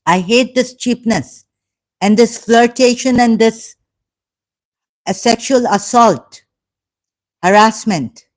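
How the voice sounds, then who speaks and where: Slow-talking, indignant woman host. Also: on the high side. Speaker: channel host answering live chat. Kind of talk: live stream chat reply.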